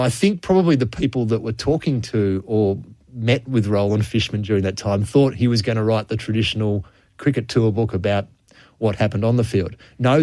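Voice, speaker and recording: A man's voice: mid-range voice, a little mellow, dry recording. Dry-sounding Australian man telling cricket stories. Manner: storytelling, chuckles often, with frequent restarts. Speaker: cricket radio commentator. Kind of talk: casual radio chat about cricket history.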